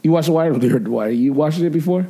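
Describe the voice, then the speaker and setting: A man's voice: on the high side, fast talker, mellow, slightly rough. A man co-hosting a podcast in casual chat, with loose, slangy banter and playful teasing. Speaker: podcast co-host.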